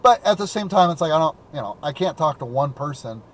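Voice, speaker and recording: A young man with a high-ish, slightly bright voice talks fast and animatedly. He hosts a call-in talk show while driving around in his car, chatting casually, rambling, repeating words, and using lots of fillers.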